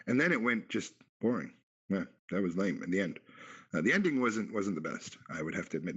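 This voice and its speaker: A man co-hosting a goofy call-in radio chat, bouncing his voice up and down in a playful, mock-announcer way. His pitch swings widely from line to line. The sound is dull and lo-fi, like audio passed through a walkie-talkie app. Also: huge pitch swings, fairly quick, pushed and bright, slightly rough. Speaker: co-host.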